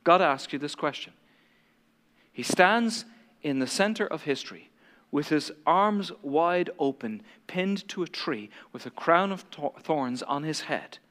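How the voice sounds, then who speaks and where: A man's voice: a little high, lively intonation, a little slow, a bit bright. A male pastor preaching an impassioned, dramatic sermon to a congregation in a large church hall. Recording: long hall reverb.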